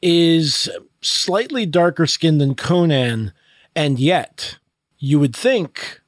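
A man's voice: on the high side, slow, no room sound, clean studio sound. A man co-hosting a podcast in casual chat, making wry comments with many fillers and restarts. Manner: wry, lots of hesitation fillers, lively commentary. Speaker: podcast co-host.

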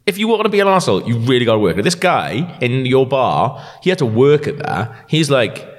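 A man's voice: mid-range voice, fairly quick. A young man chatting casually on a podcast, telling stories with swearing and frequent laughter. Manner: animated storytelling with laughs and swearing. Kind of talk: casual chat. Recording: long reverb in the room.

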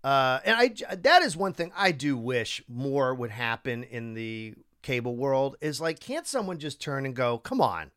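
A man talking casually as a co-host, swinging his pitch widely as he gets worked up. He digresses and restarts often, and his voice is recorded dry and close. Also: unhurried, hardly any pauses, clear, resonant tone, no room sound. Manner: animated, emotional, digressive with many restarts. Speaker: podcast co-host. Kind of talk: casual political chat.

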